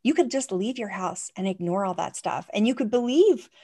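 A middle-aged woman, an organizing coach, chatting enthusiastically in an interview, her voice leaping up when excited. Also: normal speed. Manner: enthusiastic, animated, jumps up in pitch when excited. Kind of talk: casual interview chat.

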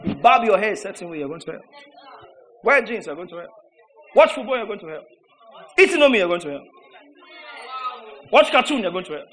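A man preaching a sermon, emphatic and rhetorical, with mocking repetition that swings between shouted lines and low asides. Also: very animated, a little fast, long pauses, low-quality recording.

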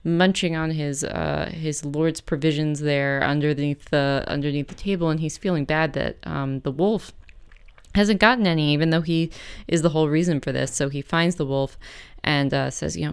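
A woman hosting a music program, casually retelling a folk tale between pieces in a chatty, relaxed way. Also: low voice, moderate pace, clear, resonant tone. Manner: chatty, relaxed, with fillers and self-corrections.

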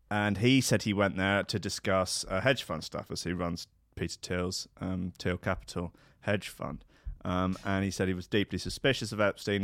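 A man's voice: lowish voice, no echo, clean studio sound. A man as podcast host, doing a sweary comedic monologue that keeps slipping into voices and outbursts. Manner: animated, sweary, slips into voices and shouts.

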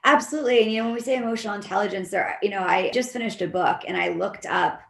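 A woman, a leadership coach and behavior analyst, explaining her method as an interview guest in an animated way. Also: mid-range voice, quick pace, creaky, reverberant. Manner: animated, acts out quoted voices of employees and leaders.

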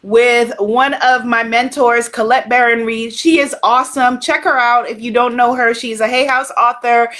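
A woman with a high, light voice hosts a spiritual livestream. She talks in a warm, encouraging way, greeting viewers by name and urging them on. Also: fairly even intonation. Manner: slow, hushed prayer delivery. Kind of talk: livestream talk with a spoken prayer.

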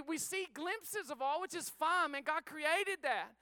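A male pastor preaching a sermon to a congregation, casual and joking at times, rising to loud exhortation. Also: very high-pitched, animated, unhurried. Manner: casual and joking, says he is sweating. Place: church sanctuary before a congregation.

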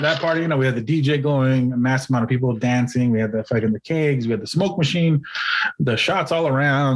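A man's voice: mid-range voice, husky, poor audio. A man co-hosting a podcast, telling a long story in casual chat, swearing often and restarting his sentences. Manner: rambling, profane, lots of restarts. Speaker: podcast co-host.

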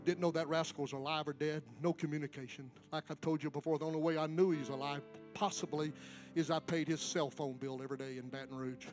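A man preaching a Pentecostal sermon and altar call in a church. He repeats lines with rising fervor and moves between quiet stretches and loud exhortation. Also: on the high side, steady tone, fast talker, faint music behind. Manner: fervent, repetitive exhortation, swings from quiet to loud. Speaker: guest preacher. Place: church sanctuary.

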